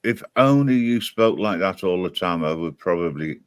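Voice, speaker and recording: A man with a low, deep voice hosts a casual live stream, ribbing his friends. The sound is dry and close, with no room echo. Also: expressive, moderate pace, clear, resonant tone. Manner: teasing, laughs at his own jokes.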